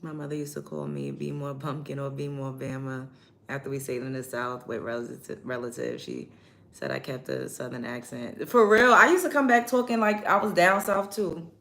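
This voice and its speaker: A woman's voice: rumbling low, normal speed, vocal fry, a bit bright, slight background noise. A young woman from New York chatting casually with viewers on a livestream while doing her makeup. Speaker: livestream host.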